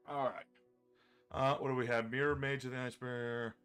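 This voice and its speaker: A man's voice: mid-range voice, flat delivery, moderate pace, fairly bright tone, clean tone, faint music behind. A man streaming a card game live, chatting casually, thinking aloud about his moves and answering his chat. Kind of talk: casual livestream commentary.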